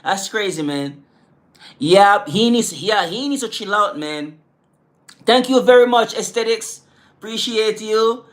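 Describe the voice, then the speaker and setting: On a casual livestream, a laid-back middle-aged host from the Caribbean talks with his viewers in an island accent, often saying "man" and "you know." He has a high, animated voice with a fairly bright tone, and he keeps a measured pace.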